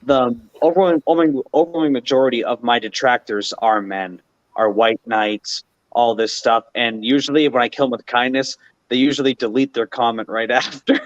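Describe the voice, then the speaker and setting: A man's voice: medium pitch, fairly even intonation, a little fast, no room sound. A man in a casual podcast chat, talking in a mocking way and laughing at his own jokes. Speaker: channel host. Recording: slightly dull lo-fi audio.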